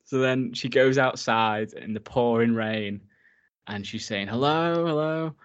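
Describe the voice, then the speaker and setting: A man's voice: on the low side, steady tone, measured pace, highs cut off. A man casually recapping a horror film for his co-host, enthusiastic and swearing freely. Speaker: podcast co-host.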